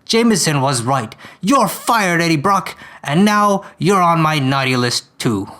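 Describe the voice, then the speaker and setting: Brief: man doing a gruff scolding boss, curt and stern, fairly high voice. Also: lively intonation, measured pace, a bit bright. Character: gruff middle-aged male boss, stern. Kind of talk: cartoon recap voice acting.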